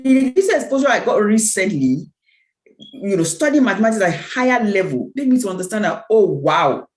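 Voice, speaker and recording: A network marketing team speaker, a woman, delivers an emphatic, preacher-style motivational talk with repeated phrases at a team meeting. Her voice sits a little high with a darkish tone, and the poor-quality recording sounds roomy.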